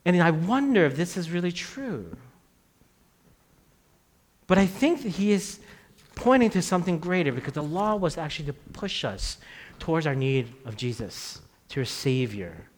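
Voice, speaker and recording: A fairly high-voiced man in his thirties preaches in an easy, conversational way and sinks low and quiet on the points that matter. His voice carries a long reverb from a church hall. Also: lively intonation, normal speed. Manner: conversational preaching, dropping low on key phrases. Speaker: pastor. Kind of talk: sermon.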